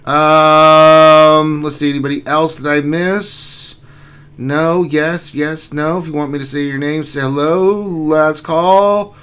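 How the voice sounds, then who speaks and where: A man's voice: a little high, steady tone, moderate pace, smooth. Chatty man greeting his stream chat. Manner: chatty, reads viewer messages aloud and greets each by name. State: sore back and allergies. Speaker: stream host reading chat. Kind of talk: casual live-stream chat.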